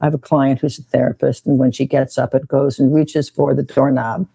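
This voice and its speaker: A woman meditation teacher who leads a slow, gentle guided meditation and talk, often repeating her phrases. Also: a bass voice, little pitch movement, vocal fry, slightly rough, no room sound.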